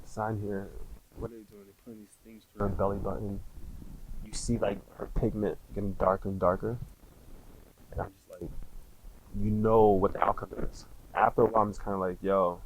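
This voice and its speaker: A man in his thirties, a podcast guest, telling a personal story candidly, in casual slang with frequent swearing and halting restarts. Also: on the low side, flat delivery, slight background noise, poor audio.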